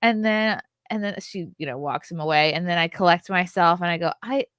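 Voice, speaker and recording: A woman in her thirties, a podcast host, telling a story in a casual, animated way, with swearing and laughter. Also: on the low side, fairly quick, smooth, dry recording, clean studio sound.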